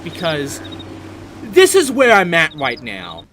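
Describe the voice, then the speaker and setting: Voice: mid-range voice, wildly swooping pitch, takes it slowly, a bit bright, a little hiss or hum. A gaming host giving let's play commentary, ranting in a profane, exasperated way.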